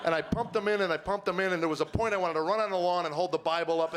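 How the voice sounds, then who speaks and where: A middle-aged man doing stand-up, telling a story and acting out the dialogue with lively voice shifts. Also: high voice, racing, few pauses. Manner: animated, acts out dialogue with voice shifts. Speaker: stand-up comedian. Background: audience laughter.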